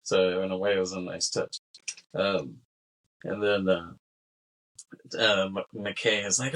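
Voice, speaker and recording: A man with a fairly low voice co-hosts a film podcast in a loose, casual way. He laughs often as he recaps scenes, slipping into quick character voices along the way. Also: fairly even intonation, a bit bright, low-quality recording. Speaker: podcast co-host. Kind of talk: casual film-discussion chat.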